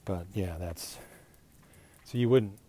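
A man talks through a solo podcast at an unhurried, drawn-out pace, his slightly low voice soft and mellow. He rambles and doubles back on himself, with a dry sarcastic edge. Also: a little hiss or hum. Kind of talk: casual rambling podcast monologue. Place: at home.

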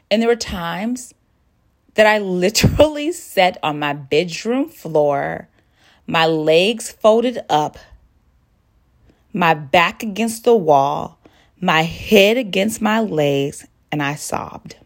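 Lively, emotive woman podcaster. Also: lowish voice, slow. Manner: emotive, sisterly, addresses listener directly. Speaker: podcast host. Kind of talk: personal motivational monologue.

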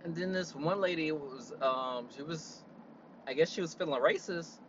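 A young man in a car, telling an exasperated, animated story as a casual vlog rant and leaning on "like" a lot. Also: a little high, moderate pace, highs cut off, slight background noise. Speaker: vlogger.

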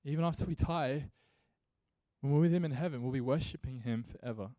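A man preaching with a mellow, warm tone in a dry, close sound. He speaks earnestly and builds his points into emphatic rhetorical questions, like a pastor in the pulpit. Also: medium pitch, a little fast, no room sound. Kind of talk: sermon.

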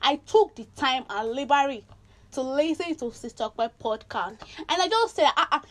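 A woman's voice: high voice, animated, moderate pace. A young woman talking expressively with her sisters on a podcast, breaking into pidgin and laughter. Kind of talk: casual chat among sisters.

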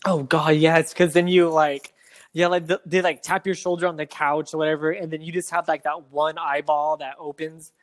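A man's voice: fairly high pitch, normal speed. A man co-hosting a podcast, telling stories in casual chat, leaning on "like" and swearing now and then. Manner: animated storyteller, heavy use of "like", swears. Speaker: podcast co-host.

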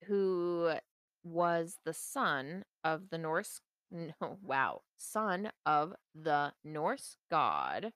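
A woman co-hosting a casual podcast tells a story at an unhurried pace, with a pitch that rises and falls a lot. She teases and giggles her way through, recorded close on a dry mic. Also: very animated, fairly bright tone, no room sound. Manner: giggly, teasing, slow-spoken. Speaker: podcast co-host.

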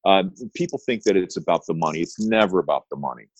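A middle-aged man with a low voice talks quickly with lively intonation and a breathy edge, on a rough recording with no room sound. An attorney appearing as an interview guest, he tells stories using emphatic, punchy repeated phrases.

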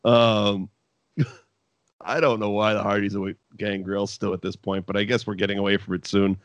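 Speaking at a normal speed in a fairly low voice, this podcast co-host recounts a wrestling tale in an easygoing chat. He's animated, laughs a lot and curses freely, and the sound has no echo.

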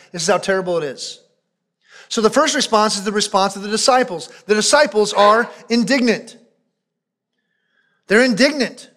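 A man preaching a sermon as pastor, emphatic and repetitive, sometimes dropping to a low, quiet voice for solemn points. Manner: emphatic preaching, repeating phrases for weight.

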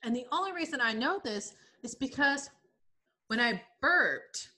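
A woman in her twenties chatting casually on a podcast, an animated storyteller who laughs often. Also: high-pitched, measured pace. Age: 20s. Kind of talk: casual chat.

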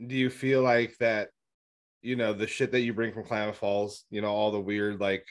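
A man's voice: on the low side, flat delivery, moderate pace. A man co-hosting a podcast in casual chat, teasing and crude, often laughing. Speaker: podcast co-host.

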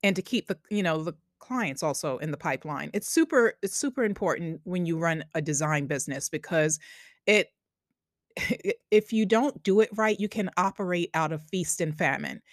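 A woman's voice: lowish voice, lively intonation, moderate pace, dry recording, studio quality. Bubbly Long Island woman hosting. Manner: bubbly, enthusiastic, chatty. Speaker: podcast host. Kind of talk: casual podcast chat.

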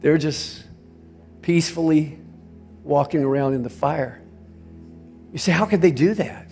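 A male pastor with a high-pitched voice delivers an emphatic sermon, dropping to hushed asides and then climbing back to near-shouts. He talks directly to his congregation and tells them to note points down. Faint music plays quietly behind him. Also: unhurried, vocal fry. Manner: addresses the congregation directly, asking them to take notes.

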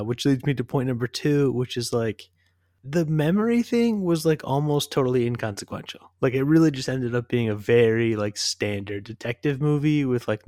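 A man's voice: mid-range voice, no room sound, studio quality. A man co-hosting a casual movie podcast, talking loosely with lots of "like" and "kind of". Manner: relaxed, heavy use of "like" and "kind of". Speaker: podcast co-host.

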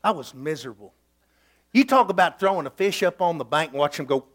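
A man's voice: on the high side, expressive, fairly quick. A middle-aged man preaching a sermon in a folksy, emphatic storytelling way.

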